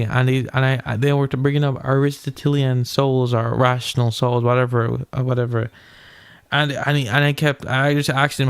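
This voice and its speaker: Smooth-voiced young man, rambling casual reader. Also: mid-range voice, no room sound. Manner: rambling, restarts often, slangy asides. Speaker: solo reader commenting on a philosophy paper. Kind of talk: casual late-night read-aloud with commentary.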